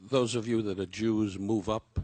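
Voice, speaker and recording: A man's voice: on the low side, steady tone, moderate pace, a little mellow. An older man, a comedian, giving a rambling, self-deprecating memorial tribute full of anecdotes.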